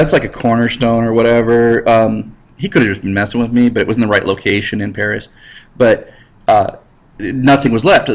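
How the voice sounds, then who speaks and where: A man teaching history over slides in a jokey, animated way, talking straight to his students. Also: medium pitch.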